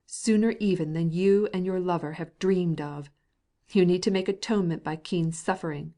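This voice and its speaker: A woman's voice: lowish voice, steady tone, normal speed, dark tone, lightly acted. A woman reading a desperate young wife who pleads through tears. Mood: sorrowful. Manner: pleading, tearful.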